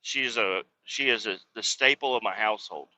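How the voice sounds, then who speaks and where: A man's voice: fairly low pitch, moderate pace, sharp tone, lo-fi sound. A man in his thirties hosting a solo podcast, ranting casually and profanely in a rambling, exasperated way. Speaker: podcast host.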